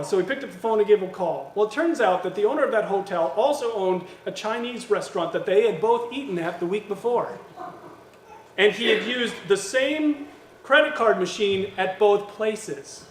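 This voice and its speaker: A man preaching a sermon, lively and acting out quoted voices, with gentle humor. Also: high voice, moderate pace, slight background noise. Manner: animated, acts out quoted voices with jokes. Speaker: pastor. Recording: echoey church hall with faint ambience.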